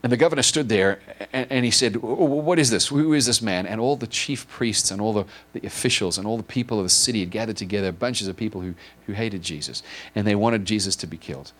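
A man with a somewhat low, slightly bright voice gives an informal sermon, retelling a story in a loose, conversational way. He halts and restarts often, linking clauses with repeated "and"s, earnest and emotional throughout.

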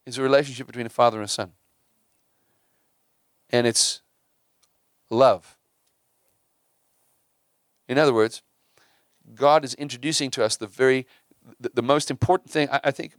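A man preaching a sermon, repeating and restarting words and swinging from hushed to emphatic. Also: mid-range voice, clean tone, dry recording, clean studio sound.

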